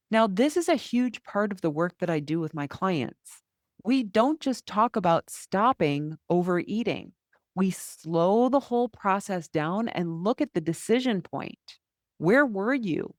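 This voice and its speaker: A woman's voice: medium pitch, a little mellow, no room sound, clean studio sound. A middle-aged woman hosting a solo podcast as a health coach, talking candidly and conversationally, often acting out inner thoughts.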